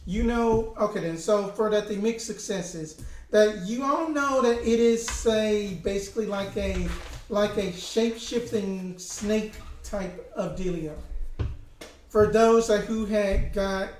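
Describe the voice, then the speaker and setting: A man running a tabletop horror game as game master, explaining rules in halting, repetitive bursts. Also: sits high. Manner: halting, repeats words while explaining rules. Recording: echoey room, distant mic, faint noise.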